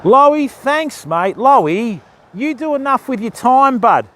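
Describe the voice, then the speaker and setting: High-voiced matey Australian man. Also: sing-song, unhurried, a bit bright, a little hiss or hum. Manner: matey, chatty, greets viewers by name. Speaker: fishing live-streamer. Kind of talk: casual live-stream chat. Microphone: phone.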